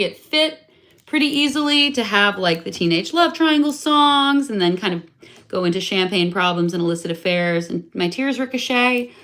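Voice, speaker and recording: With a medium-pitched, slightly bright voice, a young adult craft vlogger does a casual show-and-tell of her project. She's chatty and rambling, often correcting herself mid-sentence, enthusiastic and self-mocking about her detail work.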